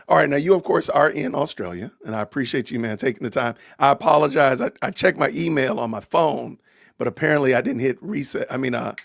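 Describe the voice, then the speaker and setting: A man hosting a livestream podcast, chatting casually with animated, theatrical exasperation. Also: medium pitch, gravelly, dry recording, studio quality. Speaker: podcast host.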